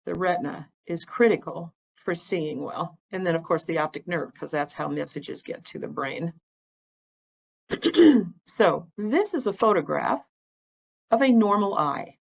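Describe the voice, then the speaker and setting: Older woman, lowish voice, chatty step-by-step slide talk. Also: creaky, low-quality recording. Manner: chatty, plain-spoken, explains step by step. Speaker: ophthalmic imager giving a talk. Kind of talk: informal educational presentation with slides.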